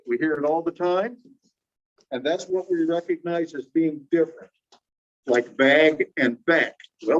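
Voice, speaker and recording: A middle-aged man gives a casual classroom lecture on speech sounds, voicing example words to demonstrate them. His voice is husky and a touch high. The recording is dull and lo-fi, picked up from some distance. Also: darkish tone. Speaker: phonetics instructor.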